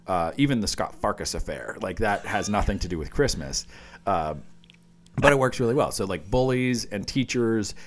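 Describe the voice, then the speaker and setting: A man's voice: on the low side, animated, moderate pace, slight background noise. A man co-hosting a podcast in casual chat, teasing his partner and explaining things with lots of likes and restarts. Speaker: podcast co-host.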